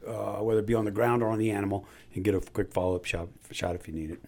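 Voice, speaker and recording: Fast-talking low-voiced male instructor. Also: steady tone, a little mellow. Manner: brisk, direct practical advice. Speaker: precision rifle instructor. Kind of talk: casual interview chat.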